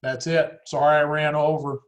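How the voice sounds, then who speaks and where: A man's voice: a little high, level tone, normal speed, poor audio. A man who is an accountant, speaking matter-of-factly as he wraps up a webinar talk on a video call. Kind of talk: webinar presentation.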